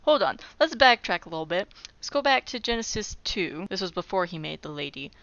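A woman casually reading scripture aloud and cutting in with wry, exasperated comedic asides that jump into loud, disbelieving outbursts. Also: on the low side, sing-song, fairly quick, lo-fi sound. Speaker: comedic Bible reader.

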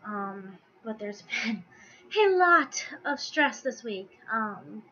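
A woman's voice: on the high side, very animated, very slow, sharp tone, husky, muffled recording. A young woman venting in a casual vlog, stressed out, flustered and apologetic, full of ums and restarts. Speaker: vlogger tracking fertility. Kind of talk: casual rambling vlog rant.

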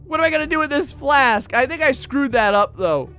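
Excitable man doing game commentary. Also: very high voice, brisk, faint music behind. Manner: joking, excitable, swears and laughs. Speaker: gameplay commentator. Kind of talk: casual let's-play commentary.

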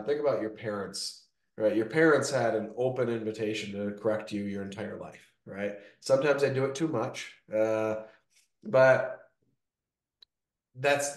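A man's voice: fairly low pitch, roomy sound. A man who owns a gutter business, telling stories in a casual interview, peppering his talk with "like" and "right?". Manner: energetic storytelling, frequent "like" and "right?". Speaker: gutter business owner, guest.

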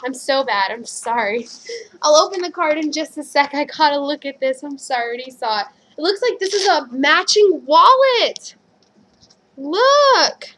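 High-voiced young woman gushing on vlog. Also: a little hiss or hum. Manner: gushing, squealing with excitement. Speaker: vlogger. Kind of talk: casual haul vlog.

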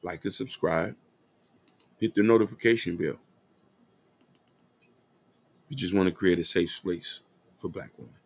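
This podcast host's voice sits low, with vocal fry, a measured pace, and long pauses. He offers earnest, impassioned commentary directly to his listeners, addressing them as "y'all."

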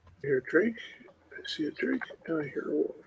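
Male gamer, fairly high voice, running play-by-play callouts. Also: very animated, normal speed, gravelly, a little hiss or hum, low-quality recording. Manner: calls out what he sees in the game. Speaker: co-player. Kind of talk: play-by-play gaming chat.

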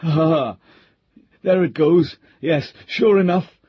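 A man's voice: sits high, moderate pace, husky, no room sound, highs cut off, voice pushed up. A man doing a fretful old butler. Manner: raised, fretful old man's voice in country dialect. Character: old male butler, rustic, superstitious, anxious.

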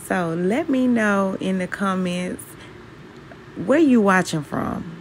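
A woman's voice: medium pitch, expressive, slow, slight background noise. A woman from Mississippi with a Southern accent, chatting casually to her viewers while she cleans her kitchen and asking them questions. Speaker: home vlogger. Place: home kitchen.

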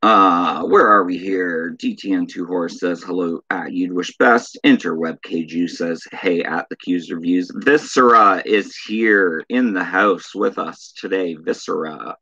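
Slow, bright-toned man reading chat. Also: deep voice, breathy edge, muffled recording. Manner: reads chat messages aloud in a flat drawl. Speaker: live stream host reading viewer chat. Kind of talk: casual live stream chat.

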